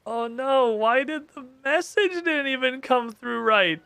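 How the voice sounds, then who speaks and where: A male streamer giving excitable, profane commentary while playing and reading game text aloud. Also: very high-pitched, a little slow, few pauses, clean tone. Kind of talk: casual gaming commentary.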